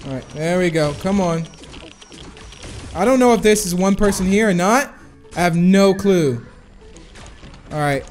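Excitable high-voiced young man gaming. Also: a little slow, long pauses, soft background music. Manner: excitable, talks to viewers, bursts of whoa and cheering. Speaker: gaming YouTuber. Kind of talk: live gameplay commentary.

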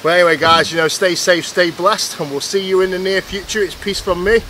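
A man vlogging while exploring rocks at night, excitable and out of breath, talking to his viewers. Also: sits high, a little fast. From England. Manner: excitable, keeps addressing viewers as guys. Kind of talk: casual vlog chat. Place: outdoors among rocks at night. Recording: noisy outdoor recording.

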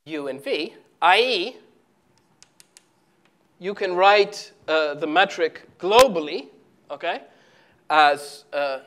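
Man lecturer, slightly high voice, halting chalkboard delivery full of "um"s. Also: a bit bright. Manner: halting, full of fillers and restarts while writing. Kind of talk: live chalkboard math lecture. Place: lecture hall.

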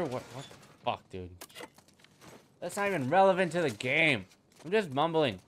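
A man's voice: a little high, big pitch swings, normal speed, long pauses, a bit bright, a little hiss or hum. A young man giving casual gameplay commentary as a channel host, goofy and rambling, swearing freely and joking to himself.

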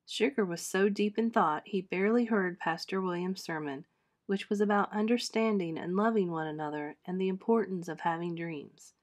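Expressive woman reading a storybook aloud. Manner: expressive, voices characters with pitch lifts and soft drops. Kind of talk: storybook read-aloud narration.

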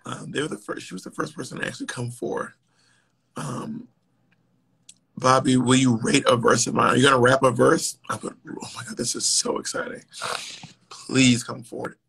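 A man's voice: mid-range voice, steady tone, moderate pace, vocal fry, sharp tone, slight background noise. An American man hosting a live stream over a phone, chatting casually with a guest in a blunt, teasing, playful way.

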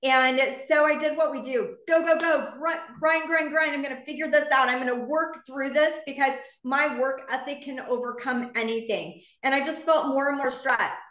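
Bright-voiced woman in her fifties, heartfelt. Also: high-pitched, steady tone, normal speed, few pauses, echoey room. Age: 50s. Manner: earnest, heartfelt, conversational storytelling. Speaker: founder speaking to her business community. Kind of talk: personal testimony to a live online audience.

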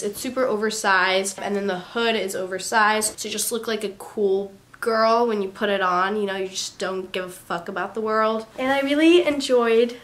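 A young woman with a hoarse, raspy voice from a cold, chatting casually as she hosts a clothing try-on haul vlog. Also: medium pitch, a bit bright. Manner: chatty and self-mocking, lots of fillers. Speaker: YouTuber hosting a try-on haul.

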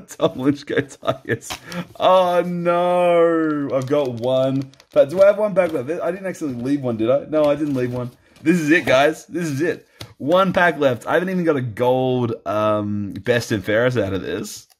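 A man's voice: mid-range voice, expressive, normal speed. A man commenting casually on a trading card box opening, playful and self-mocking, laughing often.

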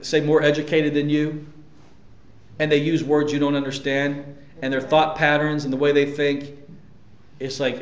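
A man's voice: on the high side, roomy sound, highs cut off. A male pastor preaching a sermon with emphasis, asking the congregation rhetorical questions.

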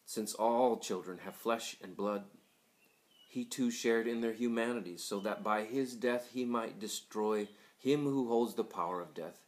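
A man who is a school pastor, giving a sermon at a graduation, swinging from loud pleading to hushed, whispered passages. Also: medium pitch.

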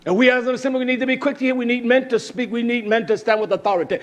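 High-pitched fiery male preacher. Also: flat delivery, rapid-fire, hardly any pauses. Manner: fervent, emphatic, drawing out words, bursts into shouting. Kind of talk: fiery sermon.

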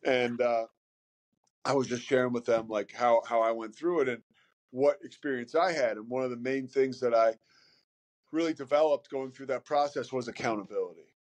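A man talking casually as a podcast guest, animated and rambling, often repeating words as he starts a thought. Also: medium pitch, normal speed. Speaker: podcast guest, sports broadcaster. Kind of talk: casual conversation.

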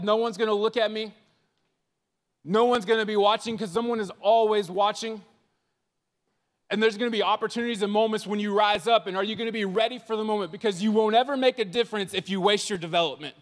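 A man with a high voice preaches to a youth crowd, dropping into quick voices for the people in his stories. His words ring out in a big church hall with a long echo. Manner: animated, acts out voices of listeners and biblical figures. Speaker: youth conference speaker. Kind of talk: youth sermon.

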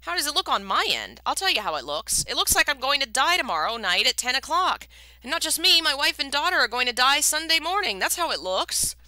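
A woman's voice: fairly high pitch, animated, fairly quick, pushed and bright, no echo, voice pushed up. A woman reading a book aloud and voicing a desperate man who pleads urgently for his family's lives. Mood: alarmed.

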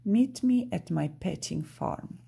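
A woman's voice: medium pitch, expressive, slow pace, vocal fry, warm tone, husky, voice pushed up, exaggerated voice. A woman reading aloud, voicing a cruel, gloating male winter villain from a storybook in a bossy, mocking way. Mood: sneering.

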